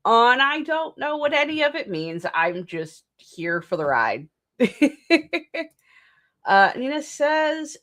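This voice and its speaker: A woman's voice: high voice, sing-song, slow, a bit bright. A young woman hosting a live writing stream, chatting casually, laughing often and restarting her sentences as she goes.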